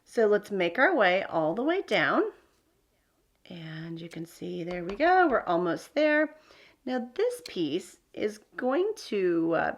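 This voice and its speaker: A woman's voice: mid-range voice, fairly bright tone. A woman hosting a card-making tutorial, chatting casually and thinking aloud with fillers as she works. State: hiccups. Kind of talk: casual crafting demonstration.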